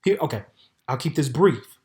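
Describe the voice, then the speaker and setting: A man hosting a podcast, telling a candid story in a sassy, flamboyant way, with loud outbursts and low mutters. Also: normal speed. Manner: flamboyant, sassy, animated, calls listeners "baby" and "honey". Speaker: podcast host. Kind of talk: casual storytelling monologue.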